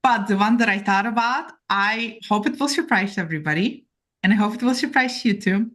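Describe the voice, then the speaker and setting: A woman of middling pitch hosts a casual chat. Her talk is playful and bawdy, and she rambles from thought to thought. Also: brisk, fairly bright tone. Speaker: host, tarot reader.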